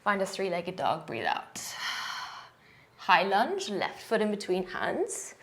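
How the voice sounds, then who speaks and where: Unhurried woman cueing a yoga class. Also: medium pitch. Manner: calm, encouraging cues, counting holds aloud. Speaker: yoga instructor.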